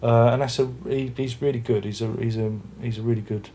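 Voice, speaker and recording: A man's voice: medium pitch, fairly even intonation, brisk, mellow, slight background noise. A man reviewing an album at home, chatting casually with lots of restarts. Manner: rambling, chatty, many restarts. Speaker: music review vlogger. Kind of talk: casual chat. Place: home room with record player and speakers.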